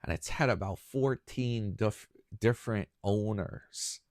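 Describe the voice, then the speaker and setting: Man, low voice, casual rambling chat host, dry close sound. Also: slow, a little mellow, no echo. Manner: rambling, chatty, self-mocking. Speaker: YouTube commentary host. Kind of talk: casual solo chat to viewers.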